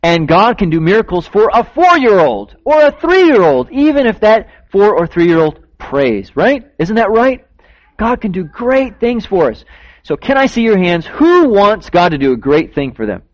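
A man's voice: sits high, big pitch swings, normal speed. A man telling a story to children during a church service, acting out the people in it and asking the kids questions. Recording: dull lo-fi recording.

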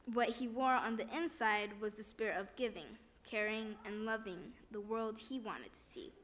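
A woman's voice: medium pitch, normal speed, fairly bright tone, slight background noise. A woman reading a first-person devotional story aloud, plainly, with small slips and restarts.

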